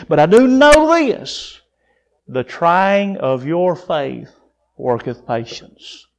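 High-voiced, slow preaching man. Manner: swings between soft low passages and raised, pleading peaks; repeats phrases for emphasis. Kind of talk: sermon.

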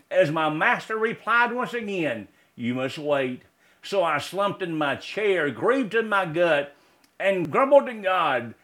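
A man preaching a sermon, reciting a poem and closing in prayer, with slow, emphatic exhortations. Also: high voice, sharp tone.

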